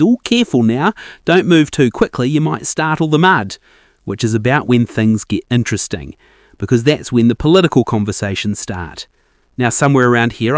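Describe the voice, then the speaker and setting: A man's voice: medium pitch, dry recording, studio quality. A man narrating a scripted comic monologue in a wry, self-mocking tone.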